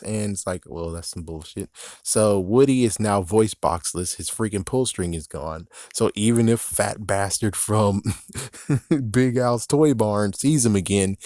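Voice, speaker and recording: A man with a lowish voice gives a casual movie review that keeps turning into an exasperated rant. He swears freely and laughs at his own jokes. The recording is dry and close, with no room sound. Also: a little slow, warm tone, dry recording. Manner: profane, exasperated, laughs at himself.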